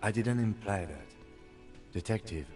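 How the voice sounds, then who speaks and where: Brief: reserved, polite cop, low voice, set back from the mic. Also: male voice, expressive, a little mellow, distant mic, soft background music. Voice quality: measured, polite. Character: calm, reserved male police lieutenant. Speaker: game character.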